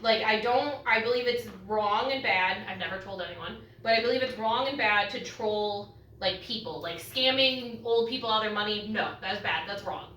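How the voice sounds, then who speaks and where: Chatting as she cooks at home, a young woman jokes and curses freely on her vlog while onion-cutting brings tears to her eyes. She speaks at normal speed with medium pitch and a sharp tone, the mic far away in a reverberant room with a little background noise.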